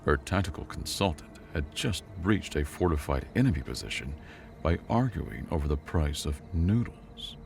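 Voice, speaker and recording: A man narrating a scripted sci-fi story in a measured, even way. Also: extremely low pitch, gravelly, soft background music.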